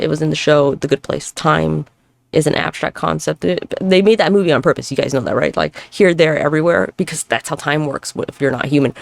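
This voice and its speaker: A gravelly woman podcaster with a low voice and no echo delivers a solo monologue from home, neighbors nearby. She rambles, curses and reflects on herself, jumping between topics while moving around as she talks.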